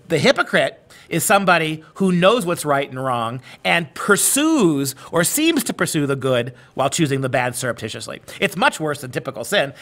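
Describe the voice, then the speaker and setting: A man's voice: a little high, bright, forceful tone. A man hosting an interview, earnest and conversational, often restarting words mid-thought. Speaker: host.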